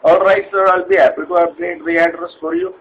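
A man's voice: high-pitched, big pitch swings, a little fast, muffled recording, a little hiss or hum. A man voicing a polite, formal male call center agent with an Indian accent in a comedy sketch, hesitant and full of fillers. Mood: politely formal.

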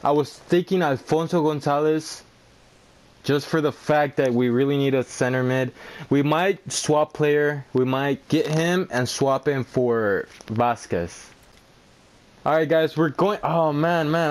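A young man giving live commentary over his own gameplay, excitable, shouting and swearing at the game. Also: on the high side, unhurried. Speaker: gamer.

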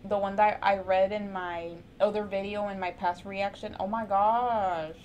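A young woman hosting her own reaction vlog, chatting casually and breaking into loud, gushing exclamations. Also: medium pitch, little pitch movement, normal speed, muffled recording, slight background noise. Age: young adult. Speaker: reaction video host. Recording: music playing behind her.

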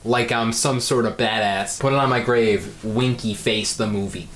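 A man's voice: lowish voice, steady tone, moderate pace, a bit bright, slight background noise. A young man in his late teens giving a dry, self-mocking reaction commentary with sarcastic asides. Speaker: video creator.

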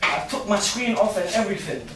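A man's voice: high-pitched, lively intonation, brisk. A young man, heated and swearing in a staged prank argument, recorded indoors far from the mic. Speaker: prank vlogger. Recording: roomy, far from the mic, noisy.

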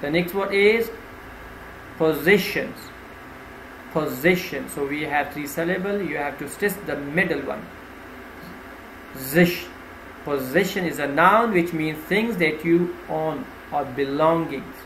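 A man gives a vocabulary lesson, reading out each word and its meaning in a slow, deliberate way. His voice sits high, and he dwells on each word's stressed syllable. The recording sounds roomy, with faint ambient noise behind him. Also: fairly bright tone. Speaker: English teacher. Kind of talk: vocabulary lesson, reading words and example sentences.

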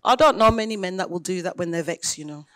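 A woman pastor, preaching a sermon in a conversational way and retelling dialogue with lively emphasis. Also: lowish voice, fast.

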